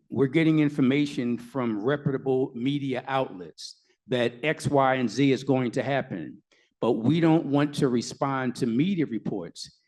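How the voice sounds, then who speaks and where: Male panelist, middle pitch, emphatic storyteller with dry asides; live event mic. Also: normal speed, a little mellow. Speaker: activist lawyer panelist. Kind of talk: panel talk Q&A answer.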